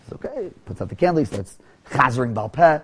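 A man telling a teaching story, often halting, repeating words and restarting. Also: mid-range voice, lively intonation, a bit bright, breathy edge. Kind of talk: storytelling lesson.

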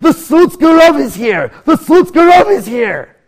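A man voicing an elderly great rabbi, calling out in excitement and welcome. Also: very high voice, takes it slowly, voice pushed up, exaggerated voice. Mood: overjoyed. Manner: excited shouting.

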